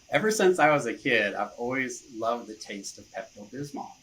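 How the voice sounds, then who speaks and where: A man's voice: medium pitch, lively intonation, moderate pace, a bit bright, slight background noise, rough recording. A man, a marketing director, chatting casually as a podcast guest in an easygoing way, often chuckling and saying "you know". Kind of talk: casual interview chat.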